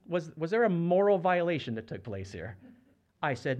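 A man's voice: mid-range voice, animated, measured pace, darkish tone. A man preaching a sermon as a pastor, speaking conversationally and asking the congregation rhetorical questions. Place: church.

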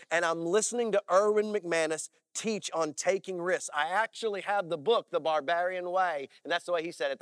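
Animated high-voiced male pastor preaching. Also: no room sound, clean studio sound. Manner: animated storytelling with frequent "all right?" asides. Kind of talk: sermon.

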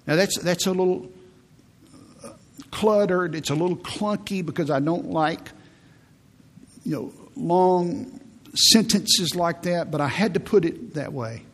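A male pastor delivers a sermon in an emphatic, repetitive style. His voice sits a little high and has a husky edge. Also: unhurried, long pauses, a bit bright. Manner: emphatic, repeats phrases for stress.

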